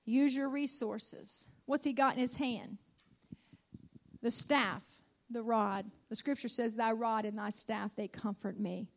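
A woman preaches with a high, bright-edged voice. She leans on repetition and punctuates her points with cries of hallelujah. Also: steady tone, measured pace, creaky. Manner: emphatic, repeats lines, calls out hallelujah. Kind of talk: sermon.

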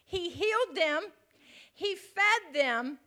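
A woman preaching a sermon, swinging from loud, rising passages to hushed near-whispers. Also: very high-pitched, animated, takes it slowly.

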